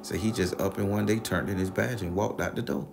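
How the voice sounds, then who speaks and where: A man with a low, gravelly voice, telling a rambling personal tale in a loose, profane, animated way. Faint music plays beneath his voice. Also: fairly quick. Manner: animated, slangy, acts out the voices. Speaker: storyteller. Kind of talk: profane storytelling monologue.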